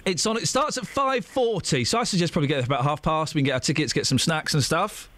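A male breakfast radio host chats with callers in a playful, teasing manner. His voice sits high and swings widely in pitch as he jokes around. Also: animated, fast talker, fairly bright tone, dry recording. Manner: teasing, jokey, playful banter. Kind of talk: casual radio chat.

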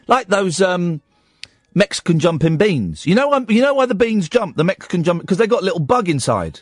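A man's voice: high-pitched, sing-song, moderate pace, breathy edge, no echo, soft background music. A man hosting a late-night radio phone-in, playful and rambling as he jokes with a caller. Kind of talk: late-night call-in chat. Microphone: studio microphone.

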